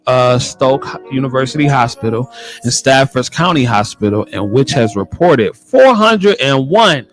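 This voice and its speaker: An American man hosting a nursing podcast, reading news items aloud and reacting bluntly with animated exclamations. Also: medium pitch, measured pace, faint music behind. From United States. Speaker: nurse podcast host. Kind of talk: casual commentary on news articles.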